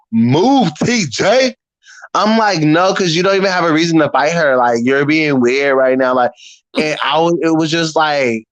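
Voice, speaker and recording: Guy spilling a story to the camera, kinda high voice, slangy and cussing a lot, dry close sound. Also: no echo, poor audio. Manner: animated, profane, slangy and talking straight to the viewer. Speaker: storyteller vlogger. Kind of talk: casual storytelling monologue.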